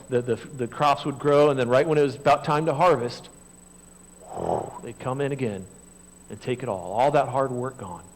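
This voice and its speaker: A middle-aged pastor preaches a sermon in a conversational way, though the audio is poor. He shifts from hushed, low passages to loud, raised ones when voicing God and the people.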